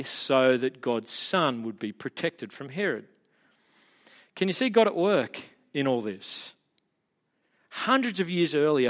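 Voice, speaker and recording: A man preaches a sermon in a slightly high voice, turning lively and emphatic as he tells the story. His voice carries a long reverb, like a church hall. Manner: animated storytelling, rising to emphatic peaks. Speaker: pastor.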